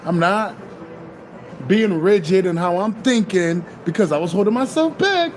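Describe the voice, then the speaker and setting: A man with a notably high voice talks in a loose, streetwise spiritual pep talk. He curses freely and keeps looping back to the same encouragements. Faint vehicle noise hums in the background. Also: expressive, moderate pace. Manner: loose, profane, repeats himself. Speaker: spiritual vlogger.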